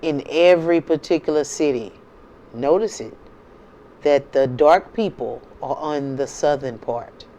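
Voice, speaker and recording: A woman's voice: sits low, measured pace, dark tone, slight background noise. American woman doing her own channel, talking casual n emphatic, keeps going okay? you know?. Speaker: channel host. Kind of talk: casual monologue to viewers.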